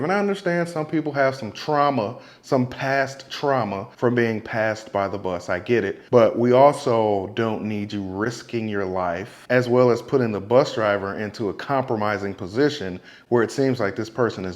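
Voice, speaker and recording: A man who works as a bus driver, talking through video clips in a casual commentary vlog and giving earnest, repetitive safety advice. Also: fairly low pitch. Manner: earnest, advice-giving, repeats points for emphasis.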